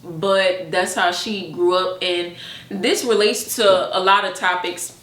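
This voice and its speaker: A woman co-hosting a podcast in casual chat, talking fast with many filler words. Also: fairly low pitch, reverberant. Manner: chatty, many "like" fillers, animated quoted asides. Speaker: podcast co-host.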